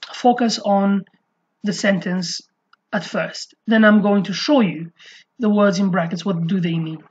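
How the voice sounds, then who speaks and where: A woman from Iraqi Kurdistan who speaks natively, teaching an online language lesson in English. She explains haltingly, with frequent fillers, and repeats her example phrases. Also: medium pitch, fairly bright tone, slightly rough, dull audio. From Iraqi Kurdistan, Slemani.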